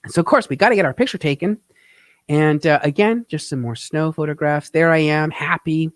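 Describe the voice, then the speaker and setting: A man hosting a live show, narrating over his travel photos in an earnest, reflective way, pausing often with fillers and getting emotional. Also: a little high, no echo, clean studio sound. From Phoenix, Arizona. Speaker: host, tax teacher.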